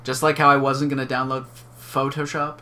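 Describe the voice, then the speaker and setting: A young man co-hosting a podcast, chatting casually and jokingly, swinging between loud bursts and mumbling. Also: medium pitch, level tone, normal speed. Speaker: podcast co-host. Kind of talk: casual chat.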